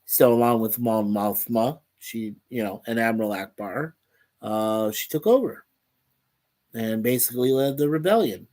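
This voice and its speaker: A man's voice: mid-range voice, moderate pace, darkish tone. Chatty man hosting a live stream. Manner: rambling, reads chat messages aloud; upbeat and easily delighted. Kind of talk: casual live stream chat.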